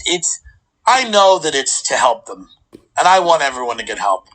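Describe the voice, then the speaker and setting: A man's voice: mid-range voice, poor audio. A man hosting a casual chat, telling funny stories and acting out the people in them. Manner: animated comic storyteller, acts out quotes.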